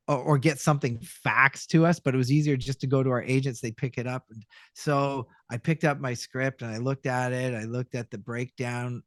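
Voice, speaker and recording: A middle-aged man, a voice actor guest telling animated stories and acting out the people in them. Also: medium pitch, no echo, studio quality. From Canada. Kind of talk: storytelling interview.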